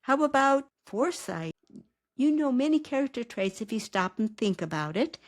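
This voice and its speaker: A woman who teaches writing, giving a calm, measured recorded lecture and asking rhetorical questions. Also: a little high. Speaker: writing instructor.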